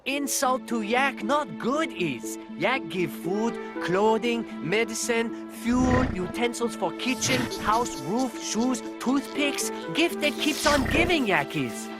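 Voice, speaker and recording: Cartoon elder: slow, upside-down sentences, lively pitch. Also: male voice, heavily acted. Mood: calm. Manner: backwards sentence order, slow and calm. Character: quirky old villager guide speaking in inverted word order. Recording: cartoon soundtrack with loud music.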